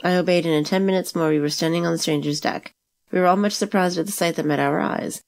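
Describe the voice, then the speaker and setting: A woman reads a classic adventure novel aloud as the narrator. Her voice is low and she moves through the text at a quick, steady pace. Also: creaky. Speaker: audiobook narrator.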